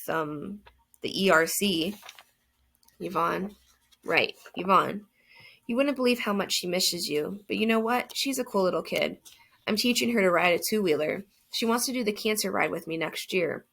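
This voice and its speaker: A woman reads an audiobook in the first person, sounding earnest and reflective. Her voice is low with a gravelly fry, though the tone is fairly bright.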